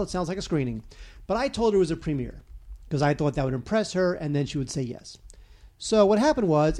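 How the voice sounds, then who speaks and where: A man co-hosting a film review show, telling an animated story with stammers and restarts. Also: on the high side. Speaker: film critic co-host. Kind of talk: casual anecdote chat.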